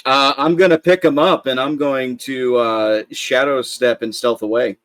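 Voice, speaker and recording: A man's voice: mid-range voice, fairly even intonation, measured pace, a bit bright, smooth, no echo. A man playing in a tabletop game, declaring his moves hesitantly and checking the rules aloud. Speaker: player. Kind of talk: casual tabletop game play.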